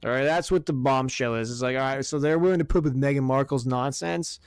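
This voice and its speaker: A man co-hosting a casual podcast, rambling and swearing his way through excitable rants. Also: medium pitch, quick pace, clear, resonant tone, no echo, clean studio sound. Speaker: podcast co-host.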